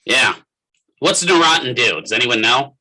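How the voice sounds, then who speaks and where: A man's voice: mid-range voice, big pitch swings, moderate pace, sharp tone, low-quality recording. A middle-aged man teaching a physical therapy class in a conversational lecture, often putting questions to students by name. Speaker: physical therapist assistant instructor.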